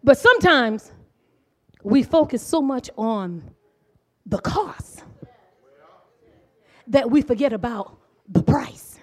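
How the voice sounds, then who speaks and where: A middle-aged woman preaching a sermon, impassioned, swinging from hushed asides to shouted declarations. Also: fairly high pitch, lively intonation, slow, long pauses.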